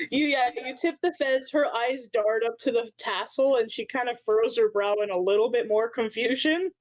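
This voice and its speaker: A woman narrating as dungeon master, describing scenes in a measured, descriptive way. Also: on the high side, dry recording, low-quality recording. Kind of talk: narrating a tabletop game.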